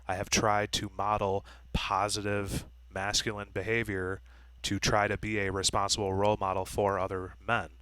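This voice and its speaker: A man's voice: fairly low pitch, little pitch movement, normal speed, fairly bright tone, clean tone, dry recording, low-quality recording. A man talking straight to camera in a blunt, profane, lecturing monologue. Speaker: vlogger.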